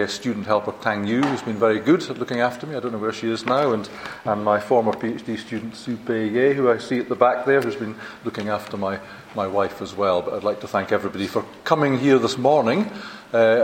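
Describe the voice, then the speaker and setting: An older man with a Scottish accent giving a chatty, self-deprecating conference talk, halting and restarting as he goes. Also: medium pitch, reverberant, a little hiss or hum. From Scotland. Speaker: visiting university lecturer. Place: large lecture hall.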